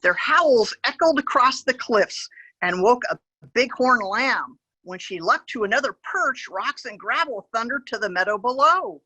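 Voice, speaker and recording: A woman reading a picture book aloud to children as a park educator, gently pointing to the pictures and adding animal sound effects. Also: on the high side, expressive, a little slow, husky, dry recording, low-quality recording.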